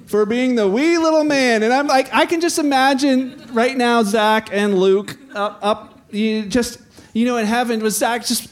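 A male pastor giving a conversational sermon, telling the story with animated energy, chuckles and quick restarts. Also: extremely high pitch.

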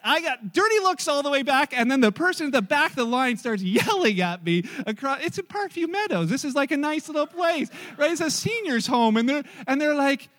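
A pastor with a notably high voice, preaching in a loose, conversational way. He tells stories and slips into the voices of the people in them. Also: expressive, a little fast, hardly any pauses, a bit bright, long reverb tail. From Canada. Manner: chatty storytelling that acts out other people's lines. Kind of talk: sermon.

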